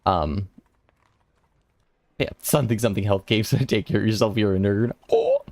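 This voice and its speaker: A man's voice: fairly low pitch, fairly even intonation, normal speed, darkish tone, dry recording. A young man chatting casually while streaming a game, rambling with restarts and laughs. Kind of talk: casual gaming stream chat. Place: home room.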